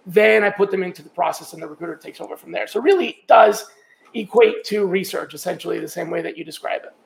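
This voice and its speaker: A man's voice: high-pitched, quick pace, gravelly, a little hiss or hum. A man speaking as a podcast guest, explaining his working methods step by step in a casual, conversational way with frequent restarts. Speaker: guest, sourcing trainer.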